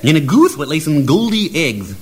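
A man's voice: a little high, sing-song, moderate pace, slight background noise. A man telling a comic folk tale in playful, mock-broken grammar, often chuckling. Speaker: storyteller. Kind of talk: comic oral storytelling.

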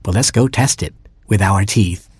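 A man's voice: low voice, moderate pace, slightly rough, no room sound. A man voicing a cocky, know-it-all little boy hamster in a storybook, matter-of-fact and brash.

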